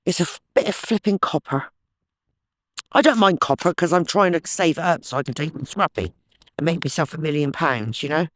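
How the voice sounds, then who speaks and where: A man's voice: on the high side, a little fast, a bit bright, dry recording. A man with a chatty, enthusiastic manner, talking to himself and the viewers while metal detecting in a sloping farm field. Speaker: metal detecting channel host. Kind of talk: casual outdoor vlog chat.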